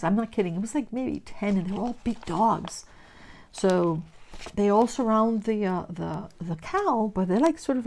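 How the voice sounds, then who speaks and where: A middle-aged woman vlogger telling a story while she crafts, acting out what people said in animated bursts. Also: medium pitch, gravelly. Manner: animated storyteller, acts out quotes.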